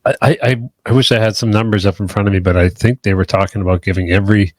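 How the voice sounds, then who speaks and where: A man's voice: fairly low pitch, fairly even intonation, quick pace, dry recording. A man co-hosting a podcast, chatting casually and rambling with hedges and restarts. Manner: rambling, hedging, many restarts. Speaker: podcast co-host.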